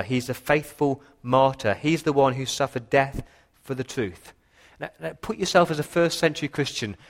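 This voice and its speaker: A man preaching a sermon with passion, his voice rising for emphasis and dropping low for quiet points. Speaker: pastor.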